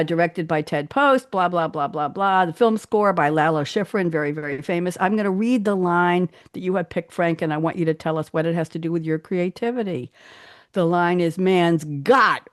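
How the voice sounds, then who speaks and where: A chatty woman with a New York accent hosts a talk show and tells stories with easy laughter. Her voice sits fairly low. The sound is close and dry. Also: no echo. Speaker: host. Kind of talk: casual chat.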